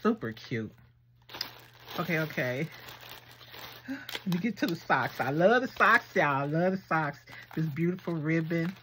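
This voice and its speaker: An excitable woman gushes her way through an unboxing. She talks slowly in a lowish voice. A faint hum of room noise sits behind her. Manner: gushing, excitable, talks to viewers as girl and y'all. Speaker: craft vlogger unboxing swap gifts. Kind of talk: casual unboxing chat.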